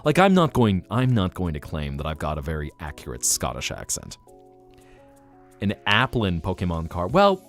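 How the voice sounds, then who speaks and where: A man streaming live, chatting casually in a rambling, animated way, often laughing and thanking viewers. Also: low voice, moderate pace, faint music behind.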